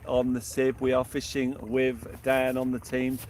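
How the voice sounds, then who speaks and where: A man's voice: medium pitch, completely flat delivery, unhurried. A man hosting a casual night fishing livestream outdoors, greeting viewers by name and singing bits of songs. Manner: sings snatches of songs between chat. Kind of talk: casual live fishing stream chat. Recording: noisy outdoor recording.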